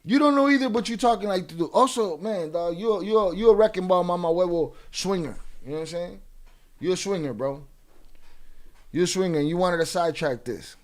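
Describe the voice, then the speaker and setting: A man with a fairly high voice, streaming live and clapping back at his chat. He argues in a blunt, profane way, repeats questions back at commenters, and trips over restarts as he pushes his point. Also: fairly quick. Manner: combative, profane, arguing with commenters.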